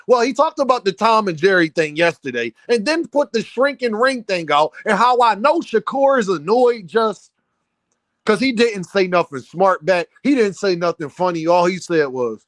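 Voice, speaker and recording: A man hosting a casual boxing commentary stream, heated and animated, often repeating himself and breaking into near-shouts. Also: high voice, moderate pace, no echo. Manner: many restarts and repeated fillers.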